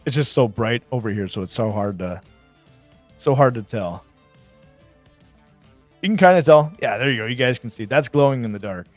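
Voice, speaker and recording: Male stream host, excitable and casual, dry sound, soft music under. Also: medium pitch, moderate pace, long pauses, dry recording. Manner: excited, chatty, reads chat aloud. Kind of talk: casual live stream chat.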